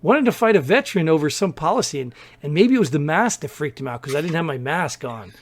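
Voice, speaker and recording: Male co-host, animated storyteller, mid-high voice. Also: fast. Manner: animated storyteller, acts out quoted people. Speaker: podcast co-host. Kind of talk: casual storytelling chat.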